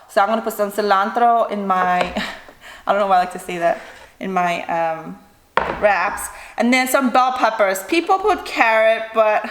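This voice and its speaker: Chatty mom vlogger lady, kinda high voice, rambly, echoey room and faint hiss. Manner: chatty, rambling, quick asides. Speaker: mukbang vlogger; mother of a young child. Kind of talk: casual chat to camera.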